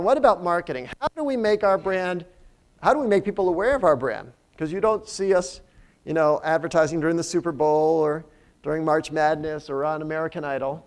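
A man's voice: sits high, animated, brisk, a little mellow. A man, a company founder, giving a conversational business lecture with slides and putting questions to the audience. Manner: frequent fillers and restarts. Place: university lecture room.

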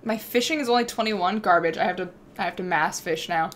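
A woman's voice: mid-range voice, a little fast. A young woman live-streaming a game, chatting casually, swearing freely and bantering with her chat. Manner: excitable, swears freely, talks back to chat.

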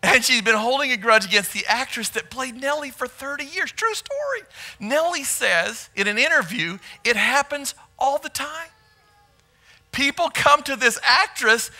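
A man preaching a sermon as pastor, telling a story with lively asides and questions to the congregation. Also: high-pitched. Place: church sanctuary.

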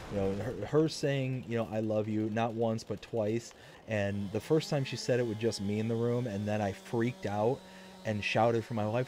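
A man's voice: lowish voice, mellow, slight background noise. A man in his thirties chatting casually on a live stream, rambling with lots of fillers and restarts.

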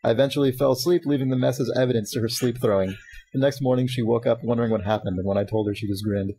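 A man's voice: medium pitch, rough recording. A man hosting a casual podcast, reading listener emails aloud and chatting, laughing often. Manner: fast-talking, animated, laughs often. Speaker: podcast host.

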